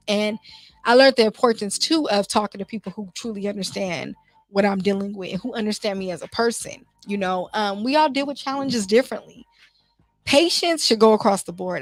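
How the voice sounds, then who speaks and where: A woman's voice: mid-range voice, no room sound. A young woman host, talking in a heartfelt, conversational way with many restarts. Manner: heartfelt, conversational, lots of "you know" and restarts. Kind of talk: casual motivational talk show. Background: faint music.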